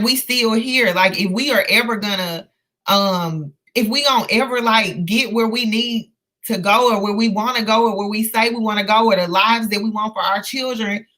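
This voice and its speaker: A woman hosting a live book discussion, earnest and emotional, talking in halting bursts full of fillers and restarts. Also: a little high, pushed and bright. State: emotional, close to tears. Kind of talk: casual live-stream discussion.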